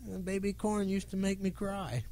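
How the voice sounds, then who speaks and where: A man's voice: sits high, fairly even intonation, moderate pace, creaky, dark tone. A man on a podcast recalling what made him cry, earnest and self-mocking. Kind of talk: casual chat.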